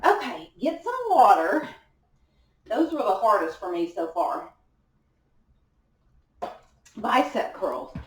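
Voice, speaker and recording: A woman's voice: mid-range voice, very animated, takes it slowly, long pauses, slight background noise. Breezy woman coaching a workout. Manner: encouraging coaching cues with small laughs. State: out of breath at times. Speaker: fitness instructor. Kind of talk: live workout class instruction. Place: indoor workout room. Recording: echoey room, voice from far off.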